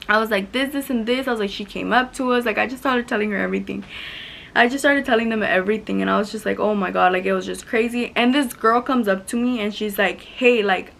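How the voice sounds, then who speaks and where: A woman's voice: mid-range voice, fast, vocal fry. A teenage girl telling a story to camera in a casual storytime vlog, acting out quotes with many fillers. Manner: animated retelling, acts out quotes, many "like" fillers. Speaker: vlogger.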